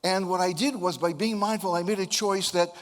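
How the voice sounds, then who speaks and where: A man's voice: sits high, fairly even intonation, a little fast, soft background music. An older man giving a motivational talk, telling stories in a playful, self-deprecating, humorous way. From United States (Connecticut). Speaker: speaker. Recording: long hall reverb.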